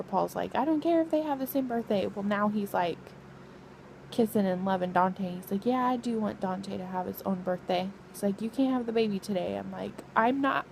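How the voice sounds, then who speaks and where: A woman's voice: medium pitch, gravelly, darkish tone, slight background noise, low-quality recording. A young pregnant woman vlogging casually from bed, rambling and laughing as she talks to her camera. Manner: chatty, rambling, laughs often. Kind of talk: casual pregnancy vlog chat. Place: lying in bed at home.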